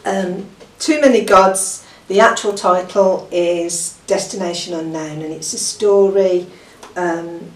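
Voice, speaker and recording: A woman's voice: lowish voice, slow pace, hardly any pauses. Chatty woman reviewing a book. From Yorkshire, England. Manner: rambling, chatty, with frequent ums and laughs. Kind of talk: casual chat. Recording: echoey room, far from the mic, faint noise.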